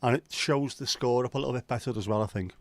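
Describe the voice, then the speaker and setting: A man hosts a relaxed live stream and keeps up a jokey, chatty patter as he greets viewers one by one. His voice sits at a middle pitch. The sound is dry and close, with no room echo. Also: fast. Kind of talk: casual watch-along chat.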